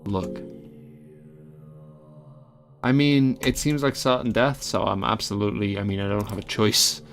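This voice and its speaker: A man's voice: fairly low pitch, little pitch movement, measured pace, faint music behind. A man commentating as he plays a game, reading its text aloud with dry asides and swearing and yelping when startled. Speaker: let's play gamer. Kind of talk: casual gameplay commentary.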